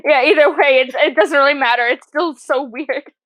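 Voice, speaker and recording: A woman's voice: sits high, steady tone, a bit bright, no room sound. A woman co-hosting a casual podcast, chiming in eagerly with agreement and laughter. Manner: enthusiastic, quick to agree and laugh. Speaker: podcast co-host. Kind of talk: casual anime chat.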